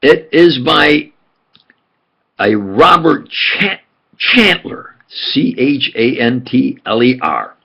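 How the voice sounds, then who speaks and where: Slow gravelly older New York man. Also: medium pitch, sing-song, fairly bright tone. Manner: slow and halting, with many fillers and restarts. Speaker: channel host. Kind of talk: rambling monologue.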